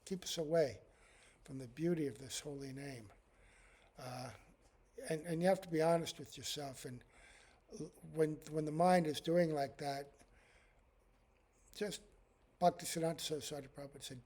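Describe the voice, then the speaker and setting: Man, monk, devotional scripture class, conversational, chuckling, filler words, somewhat high pitch. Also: a little slow, long pauses, warm tone.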